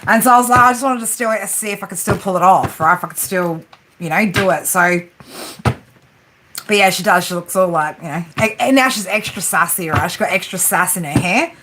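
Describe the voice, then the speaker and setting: A woman's voice: on the low side, brisk, noisy background. An Australian woman in her forties chatting casually on a livestream as a tarot reader, joking and tagging her sentences with "right?". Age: 40s. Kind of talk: casual live-stream chat. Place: room with a flat roof. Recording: steady rain drumming behind her. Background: rain on the roof.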